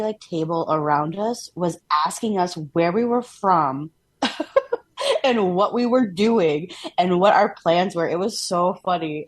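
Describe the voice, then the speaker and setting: Minnesotan lady chatting on a podcast, upbeat, laughs a lot, kinda low voice. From Minnesota, USA. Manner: chatty and upbeat, laughs often, many "like" fillers. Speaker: podcast co-host. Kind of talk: casual chat.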